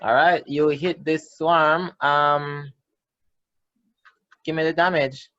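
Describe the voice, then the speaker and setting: Jamaican male game master, slightly high voice, dry muffled call audio. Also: fairly even intonation, slow pace, bright, forceful tone, no echo. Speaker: dungeon master. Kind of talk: running a tabletop game.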